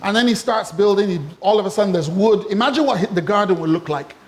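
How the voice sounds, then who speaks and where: A man preaching a sermon as a pastor, animated and humorous, with asides to the congregation and acted-out quotes. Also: high voice, fast.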